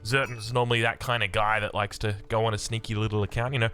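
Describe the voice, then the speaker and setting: An Australian man casting a strategy game in upbeat, chatty commentary, his voice a little raspy from being sick. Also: on the low side, flat delivery, fast talker, sharp tone, faint music behind. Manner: upbeat and chatty, with many fillers and restarts. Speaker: game caster.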